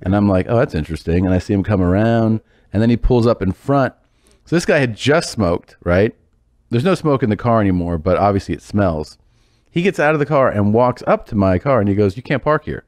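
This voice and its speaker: Speaking briskly in a lowish voice, this man tells an amusing story with animated energy. He imitates each character's lines and chuckles throughout, and the clip has no room sound.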